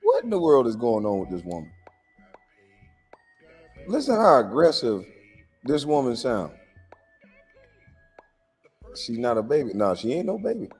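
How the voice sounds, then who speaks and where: A man's voice: mid-range voice, huge pitch swings, a little slow, pauses often, darkish tone, husky, long reverb tail, faint music behind. A man hosting a livestream, reacting to clips in a casual, incredulous and lecturing way with lots of rhetorical questions. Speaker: livestream host.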